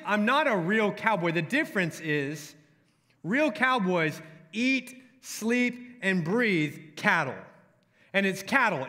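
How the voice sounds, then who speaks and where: A man's voice: high voice, pushed and bright. A young man with a Texan accent preaching to college students, telling stories and joking with the crowd. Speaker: college ministry pastor. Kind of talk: sermon to students. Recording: reverberant hall.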